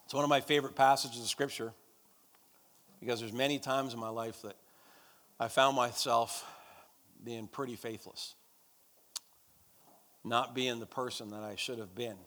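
A man's voice: mid-range voice, fairly even intonation, normal speed, pauses often, fairly bright tone. A man preaching a sermon and leading prayer in a church, emphatic and repetitive, calling out to the congregation. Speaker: pastor. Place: church service. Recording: long church hall reverb.

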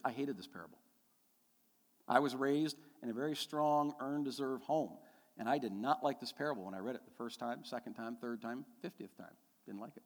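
A man's voice: mid-range voice, brisk, big-room sound. A middle-aged man preaching a sermon as a pastor, telling a personal story and building to emphatic, repeated declarations.

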